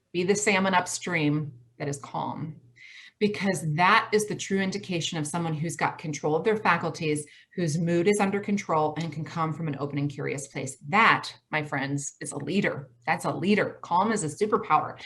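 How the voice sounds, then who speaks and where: Fast-talking Midwestern woman, emphatic. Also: lowish voice. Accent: Midwestern American. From Michigan, US Midwest. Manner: fast-talking, emphatic, repeats key phrases. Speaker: college president giving a talk. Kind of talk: motivational talk on a video call. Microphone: video call from home.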